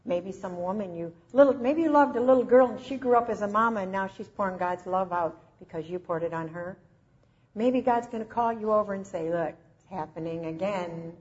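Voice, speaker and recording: A woman preacher delivering a sermon in an emotive, slow and emphatic way, recorded with dull lo-fi sound. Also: mid-range voice, a little mellow.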